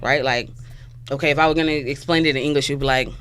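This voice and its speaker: A woman's voice: rumbling low, steady tone, quick pace, a bit bright, clear, resonant tone. Woman from Florida with a Southern accent. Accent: Southern American. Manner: explains step by step like a teacher, spells words out. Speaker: co-host. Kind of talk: casual talk-show chat.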